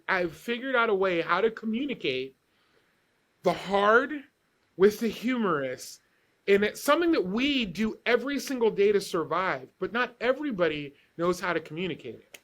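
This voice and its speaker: Bright, high-voiced man telling stories. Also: normal speed. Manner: animated storyteller, playful and expressive. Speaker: podcast guest, author and comedian. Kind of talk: casual podcast conversation.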